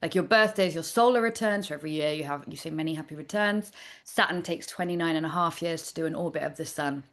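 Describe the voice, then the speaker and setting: This woman is an astrologer from Nottingham, England, appearing as a talkative guest in a relaxed interview and telling stories that tend to trail away. She speaks quickly, and her voice sits low.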